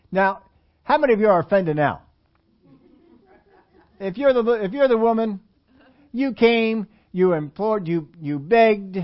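A man delivers a conversational sermon, often asking his listeners questions and acting out quoted voices. His voice sits a little high for a man. The audio is dull and lo-fi. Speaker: preacher.

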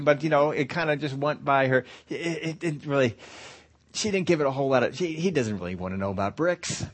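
A man's voice: a little high, lively intonation, brisk. A middle-aged man teaching a Bible study, telling a long story in a folksy, rambling way with restarts and small chuckles. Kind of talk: conversational sermon storytelling.

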